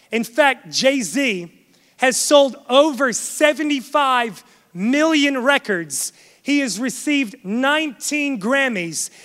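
A man preaching an impassioned sermon as pastor in a church, dropping soft and then rising loud for emphasis. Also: high-pitched. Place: church sanctuary. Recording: long reverb of a large hall.

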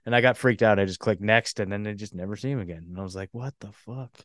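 A man's voice: fairly low pitch, very fast, no echo, clean studio sound. A man hosting a podcast, telling a story casually with lots of fillers and restarts. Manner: rambling, many fillers and restarts. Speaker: podcast host.

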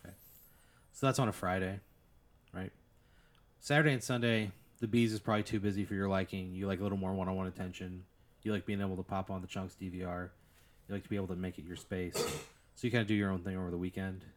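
A man's voice: sits low, little pitch movement, quick pace. A man narrating an improvised tabletop scenario as game master, rambling with lots of fillers and laughs.

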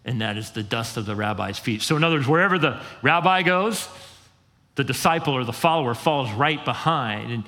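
A man preaches in an easy, conversational way, jumping up in pitch to act out quoted voices and dropping low for emphasis. His voice rings with a long hall reverb, as if in a church sanctuary. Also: a little fast. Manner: animated, conversational, acts out quotes with pitch jumps. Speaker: pastor. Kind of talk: sermon.

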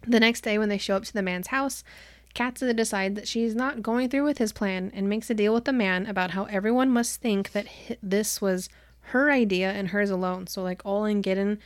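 A young woman co-hosting a podcast, chatty and quick as she retells a story, with lots of "like" and quoted lines. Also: mid-range voice, no echo, studio quality. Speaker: podcast co-host. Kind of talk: casual book recap chat.

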